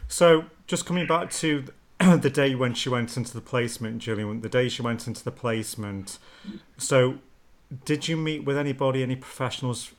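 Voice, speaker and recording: Male host, gentle and probing, average pitch, a bit hesitant. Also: moderate pace. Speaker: interviewer, host. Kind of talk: interview.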